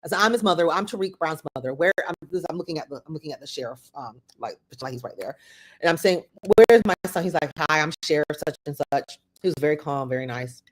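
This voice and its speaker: A middle-aged woman tells a personal story on her own podcast. She talks haltingly, stumbling and restarting often. She drops into the quoted words of the people she describes. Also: deep voice, a bit bright. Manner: halting, with many restarts and fillers; acts out other people's words in quoted asides. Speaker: podcast host.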